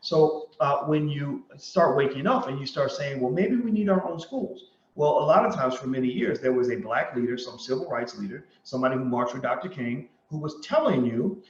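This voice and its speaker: A man's voice: medium pitch, expressive, normal speed, hardly any pauses. A man hosting a commentary monologue, who talks emphatically, repeats his points and tells stories with quoted dialogue. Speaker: host and commentator. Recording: roomy, dull lo-fi sound.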